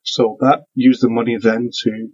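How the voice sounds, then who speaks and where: Husky northern english guy on a podcast, laid back, kinda muffled audio. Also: mid-range voice, moderate pace. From Manchester, northern England. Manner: relaxed, explains in strings of questions. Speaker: guest, property developer. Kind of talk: casual interview chat.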